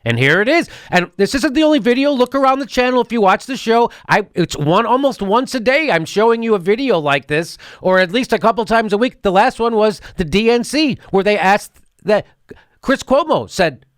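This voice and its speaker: Sarcastic high-voiced man ranting. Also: lively intonation, normal speed, no echo, clean studio sound. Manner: sarcastic, mocking, laughs often. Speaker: political commentary show host. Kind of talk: ranting political commentary.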